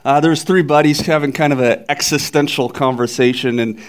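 A man's voice: on the high side, steady tone, fairly quick, clear, resonant tone. A male pastor giving an Easter sermon, telling stories that build to raised peaks and joking with the congregation. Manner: storytelling, builds to raised climaxes; jokes with the congregation.

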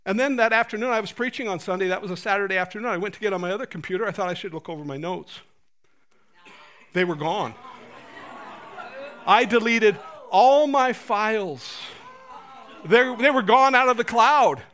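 A man preaching a sermon as pastor, animated and joking, acting out prayers in playful voices. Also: high voice, normal speed, pauses often, some chatter behind.

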